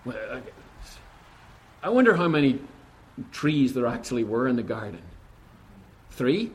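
A man preaching a sermon, emphatic and animated, acting out the quoted lines and often restarting his words. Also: unhurried, breathy edge. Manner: animated, acts out quoted voices with rising pitch.

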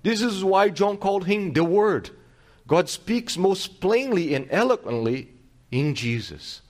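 Man, pastor, sermon, somewhat high voice, emphatic, rhetorical questions. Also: expressive, unhurried. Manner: teaching with rhetorical questions, frequent restarts; emphatic, varies loudness and pace widely.

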